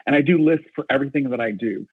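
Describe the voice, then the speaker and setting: A man with a husky, slightly rough voice talks eagerly and at length, stumbling over and restarting his words as he tells a story. The sound is dry and squeezed through a narrow, phone-like band. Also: medium pitch, quick pace, no room sound. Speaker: concert photographer. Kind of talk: storytelling in an interview.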